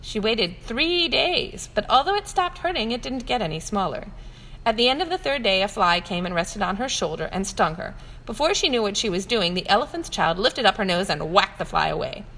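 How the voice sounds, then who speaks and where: A woman reads a children's bedtime story with lively, swooping expression. Her voice sits in a middle pitch, with a long room echo and faint ambient noise behind it. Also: a little fast. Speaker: storytime reader for a shop.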